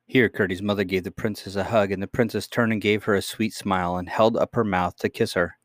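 Male narrator for a read-aloud storybook: measured, calm, fairly low voice, dry close sound. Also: dry recording. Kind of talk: reading a children's storybook aloud.

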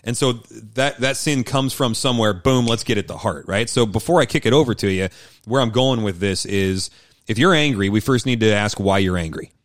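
A man co-hosting a casual faith podcast, talking in an animated way and often restarting his sentences. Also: lowish voice, fairly quick. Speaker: podcast co-host.

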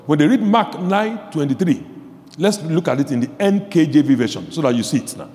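A male pastor preaching a sermon, swinging from quiet asides to shouted emphasis, repeating phrases and asking the audience questions. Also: fairly high pitch, lively intonation, fairly quick, long reverb tail.

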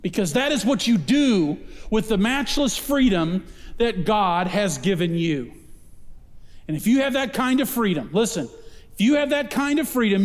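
A man preaching a sermon as pastor, emphatic, climbing to loud calls for his congregation to answer. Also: sits high. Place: church auditorium. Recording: long reverb of a large hall.

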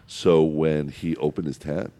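A man telling excited, profane hunting stories in casual chat. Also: very deep voice, measured pace. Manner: excitable, profane storytelling with laughs.

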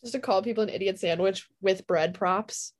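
A woman co-hosting a podcast who teases her co-host with quick, laughing remarks. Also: medium pitch. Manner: teasing, quick-witted, laughing. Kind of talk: casual chat.

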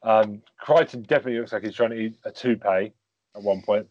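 Male podcast co-host, casual and halting, dry dull recording. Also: on the low side, dry recording. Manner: hesitant, many ums. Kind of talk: casual chat.

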